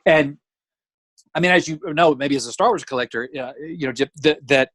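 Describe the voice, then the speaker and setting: Telling stories as a podcast guest, an Alabama comedian in his 40s acts out the voices with lively energy. He pitches fairly high and talks a little fast. The video call, made with camera and ring light from a home room with a closet door, yields poor, echo-free audio.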